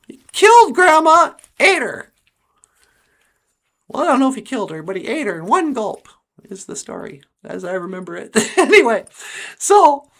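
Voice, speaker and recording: Chatty lady host telling a kid story, laughs a lot, slow and easy pace, high voice. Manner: chatty, laughs often, many fillers. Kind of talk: casual storytelling.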